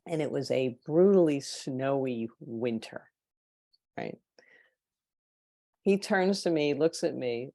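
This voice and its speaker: Low-voiced woman telling lively stories. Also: slow pace, vocal fry, long pauses, no room sound. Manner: animated, acts out quoted people. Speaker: podcast guest, marketing consultant. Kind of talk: storytelling in casual chat.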